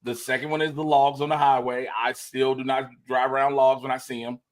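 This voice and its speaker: A man chatting casually on a livestream he hosts. He tells stories with energy and acts out what other people said. His voice sits at a middling pitch. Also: fairly quick. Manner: animated storyteller, acts out quoted dialogue. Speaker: host.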